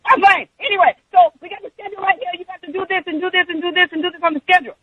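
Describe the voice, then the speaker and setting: A man's voice: very high voice, fairly even intonation, very fast, no echo, voice pushed up. A man imitating a bossy woman teacher who keeps hollering the same orders over and over, heard over a phone line. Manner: hollering, repetitive.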